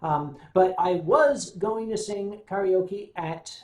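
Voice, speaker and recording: Speaking slowly in a high voice, an older American livestream host tells rambling, wry anecdotes, hums to himself and fields questions from viewers. The recording carries a roomy echo.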